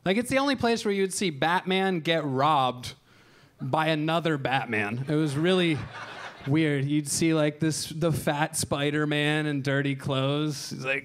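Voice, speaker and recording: A man in his thirties tells stand-up stories in a fairly high voice. His delivery is dry and deadpan, with crude asides, and he slips into voices for the people he quotes. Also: measured pace. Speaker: stand-up comedian. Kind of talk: stand-up storytelling. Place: comedy show stage.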